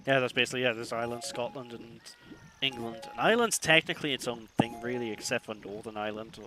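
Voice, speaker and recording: A man's voice: mid-range voice, fairly even intonation, fast talker, sharp tone, faint music behind. A man chatting casually while playing a video game, laughing often and using British slang. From Wales. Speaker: streamer. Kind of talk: casual gameplay commentary.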